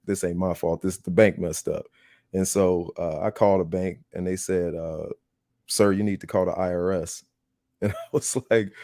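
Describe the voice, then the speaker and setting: Laughing, storytelling man with a mellow voice. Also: mid-range voice, dry recording, clean studio sound. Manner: animated, laughs often, acts out quoted voices. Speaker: podcast host. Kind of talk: casual storytelling.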